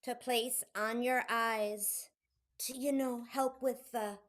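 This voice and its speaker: A woman's voice: on the high side, fairly even intonation, slow pace, a bit bright. A woman playing an improv scene, sweetly meddling and giggly. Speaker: improv player.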